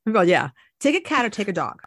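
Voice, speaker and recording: A woman's voice: mid-range voice, very animated, brisk, fairly bright tone, no echo. Brief chatty woman podcaster, dry sound. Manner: chatty, explains from her notes, upbeat. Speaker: podcast co-host. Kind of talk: casual chat.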